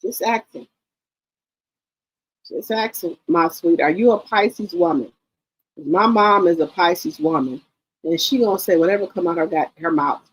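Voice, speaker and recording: A woman in her sixties hosting a casual live stream, reading viewer comments aloud in an animated, profane way and repeating herself. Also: lowish voice, unhurried, pauses often, husky, low-quality recording. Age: 60s.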